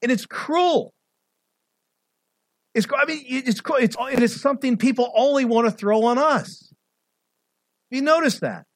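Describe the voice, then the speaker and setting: A middle-aged male pastor preaching an animated sermon, swinging between loud, raised passages and quiet asides. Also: very high voice, measured pace, pauses often, no room sound.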